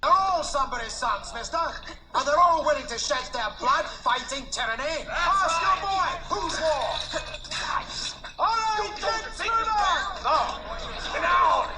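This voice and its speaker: A fiercely protective woman of the revolutionary era who argues and shouts to be heard. Her voice is very high and sharp. The audio sounds roomy, with faint film music underneath. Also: animated, slow, heavily acted. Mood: defiant. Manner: insistent, shouting, pleading. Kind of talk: period film drama.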